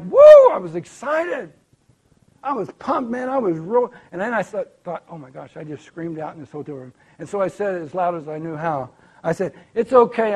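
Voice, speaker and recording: High-voiced man preaching a sermon. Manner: conversational, swings from emphatic to quiet asides. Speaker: pastor. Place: church hall before a congregation.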